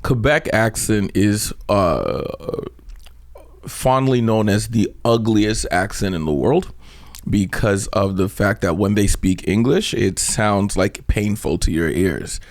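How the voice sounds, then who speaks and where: A man from Trinidad, a comedian guest, chatting casually, telling animated stories and laughing often. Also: fairly low pitch, slow. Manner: animated storyteller, laughs often, breaks into mock voices. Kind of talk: casual interview chat.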